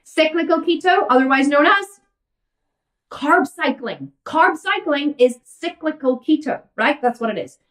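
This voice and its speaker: A woman's voice: high-pitched, lively intonation, a little slow, a bit bright, far from the mic. An Irish woman hosting a fitness Q&A, blunt and outspoken as she answers viewer questions. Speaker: fitness coach and host.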